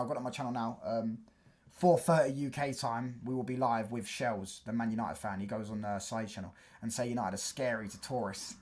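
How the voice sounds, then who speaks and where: A man's voice: mid-range voice, steady tone, a little fast, slight background noise. A young man hosting a football livestream, chatting loosely in slang. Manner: loose, slangy, rambling with fillers. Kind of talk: casual livestream chat.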